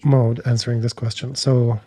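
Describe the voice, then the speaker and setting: A man commenting on the war with a dark, mellow tone. He talks in a measured, analytical way and makes blunt judgments. His pitch sits in the middle range for a man. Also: little pitch movement. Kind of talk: analytical discussion.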